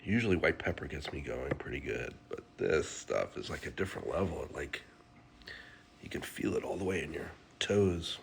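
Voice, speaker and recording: A man vlogging casually, breathy and halting, with long pauses and a congested, sniffly sound. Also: very deep voice, expressive, a little hiss or hum. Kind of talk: casual talk to camera.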